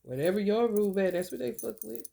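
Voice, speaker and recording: A woman talks through a spiritual reading in a casual vlog. Her voice has a gravelly, fry-laden edge and sits at a middle pitch. She is blunt and profane, and her reading is animated with loud outbursts. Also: fast talker. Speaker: spiritual content creator.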